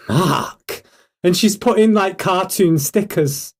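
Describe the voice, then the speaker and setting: A man's voice: high-pitched, slow. A British man hosts a casual livestream in a hyped, rhetorical way. He keeps throwing questions at his viewers and pushes the pace. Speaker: livestream host.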